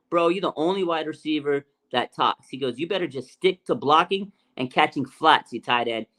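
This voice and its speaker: A man hosting a fan show, giving an energetic, emphatic sports talk monologue that repeats phrases and swings from low remarks to loud outbursts. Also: low-quality recording.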